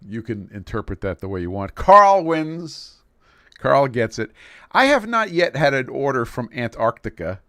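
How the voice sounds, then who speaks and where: A man's voice: mid-range voice, sing-song, unhurried, a bit bright, no echo, studio quality. A man from New York City hosting a casual livestream, joking and rambling as he restarts his sentences. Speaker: livestream host.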